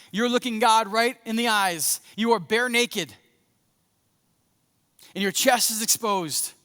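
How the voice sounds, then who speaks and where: High-voiced, bright male pastor preaching. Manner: animated, acts out Bible scenes, conversational preaching. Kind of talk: sermon. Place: church sanctuary. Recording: echoey church hall.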